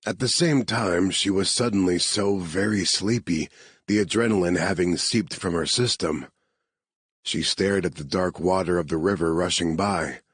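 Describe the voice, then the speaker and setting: A man narrating an audiobook in a measured, even reading. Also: low-pitched, breathy edge, no echo, clean studio sound.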